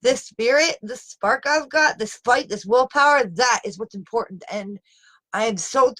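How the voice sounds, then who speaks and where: A frustrated woman speaks on a live video straight into her phone camera, upset and exasperated. Her voice sits a little high, and she pleads and insists with emphasis, talking unscripted to her viewers. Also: normal speed, a bit bright, rough recording. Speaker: live streamer.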